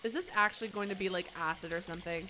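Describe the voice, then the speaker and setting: A woman's voice: mid-range voice, fast, background noise. A woman streaming a game live, chatting with sarcastic asides about what she sees. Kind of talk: live gameplay commentary.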